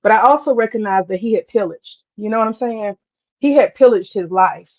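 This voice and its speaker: A woman talking casually on a livestream, drawling and animated as she tells a story, with asides to herself. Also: mid-range voice, brisk, muffled recording. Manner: animated, drawling, swears casually, mutters to herself while cooking. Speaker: host.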